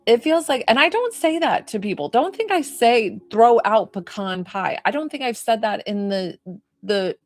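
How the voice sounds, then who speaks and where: A woman's voice: fairly high pitch, sing-song, normal speed, dry recording. A woman giving a spiritual medium reading in an effusive, emotional way with many fillers.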